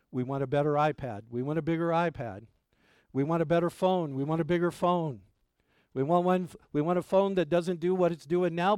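A man's voice: a little high, smooth, no room sound, studio quality. Preacher man, quizzing his congregation. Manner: conversational preaching with rhetorical questions to the congregation; swings between loud emphatic lines and quiet asides. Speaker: pastor. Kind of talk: sermon.

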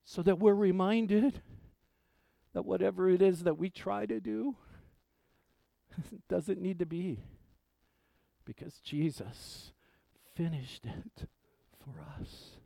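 A man preaching a sermon. He repeats key phrases slowly and with weight, moving between hushed lines and loud declarations. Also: sits high, gravelly, dry recording. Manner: preaching with slow emphatic repetition, swinging from hushed to loud. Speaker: pastor.

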